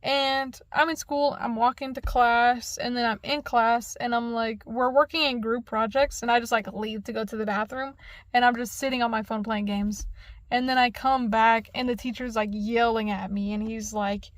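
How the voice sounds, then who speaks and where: A young woman tells a long dream story in a loose, casual way. She swears freely and acts out the back-and-forth herself. Her voice sits fairly high and sounds close and dry, with no room around it. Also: normal speed, dry recording. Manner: animated, profane, acts out dialogue.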